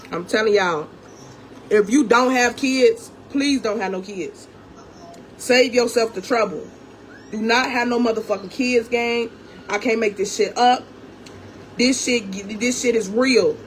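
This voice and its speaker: Young woman going off on camera, cussing nonstop, faint noise behind her. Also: on the high side. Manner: profane, confrontational, heated; calls viewers "gang", talks straight to them. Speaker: vlogger. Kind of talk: angry storytime rant.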